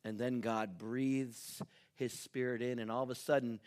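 A male pastor preaching a sermon full of personal stories. He tells them with animated energy, sometimes shouting and laughing, then drops low and quiet to pray. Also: normal speed.

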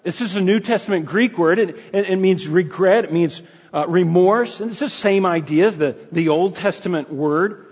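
Halting preacher in an echoing hall. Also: male voice, sits high, a little mellow, husky. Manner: earnest, halting, with many restarts. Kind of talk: sermon. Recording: dull lo-fi sound in a reverberant hall.

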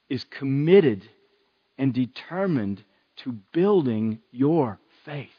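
A man's voice: fairly high pitch, muffled recording. A man preaching a sermon in an earnest way, repeating phrases for emphasis.

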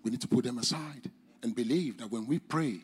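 A man preaching a sermon in English with a non-native accent, using formal, old-fashioned wording and swinging between loud, high exclamations and quiet, low drops. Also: brisk, husky. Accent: non-native English accent, speaker's own mention. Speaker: pastor.

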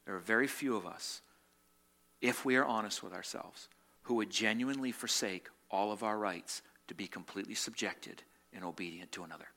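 Bright-voiced man preaching a sermon. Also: fairly low pitch. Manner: swings between loud emphatic peaks and quiet, slowed reflective passages; rhetorical questions and repetition. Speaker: pastor.

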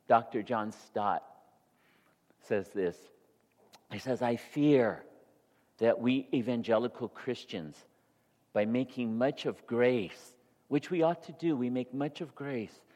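A male pastor delivering a sermon, ranging from hushed, near-whispered passages to loud, rising exhortation. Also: mid-range voice. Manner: shifts from soft, near-whispered confession to loud, rising preaching. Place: church sanctuary. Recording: long hall reverb in a church.

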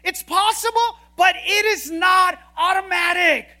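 A woman preaching a sermon in an animated, joking, emphatic way. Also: extremely high pitch, measured pace.

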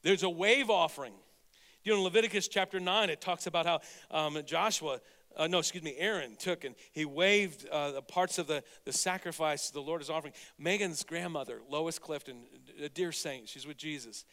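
A man preaching a sermon as pastor, getting over a cold, energetic and exhorting, swinging from loud to hushed. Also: on the high side, moderate pace, big-room sound. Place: church sanctuary.

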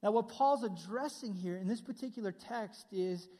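A man's voice: high-pitched, normal speed, warm tone, long reverb tail. A middle-aged male pastor preaching a sermon in a conversational way, with asides to the congregation.

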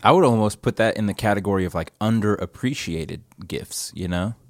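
Laid-back man, low voice, dry sound. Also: brisk, no echo. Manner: laid-back, self-deprecating, trails off into quiet asides. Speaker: podcast host. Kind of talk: casual chat. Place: church office.

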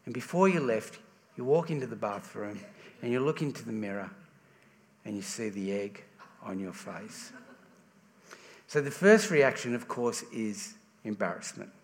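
A man's voice: fairly low pitch, animated, unhurried. Australian man preaching in a reverberant hall. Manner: conversational, with frequent restarts. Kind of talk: sermon.

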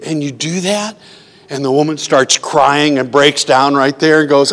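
A man's voice: fairly high pitch, steady tone, a little slow, fairly bright tone. A man preaching in a conversational way, telling personal stories and acting out his own worried thoughts in quotes. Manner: earnest, acts out his own inner voice in quotes. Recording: long reverb of a hall.

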